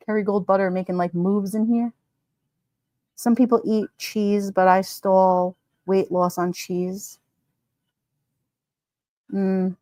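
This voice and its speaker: A woman's voice: mid-range voice, dry recording. A chatty woman hosts a casual livestream and talks back to viewer comments. She laughs easily and fills her talk with "like" and "you know." Her voice sits mid-range and is recorded dry and close. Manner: chatty and animated, laughs often, many "like"s. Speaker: livestream host. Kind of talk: casual chat reading live comments.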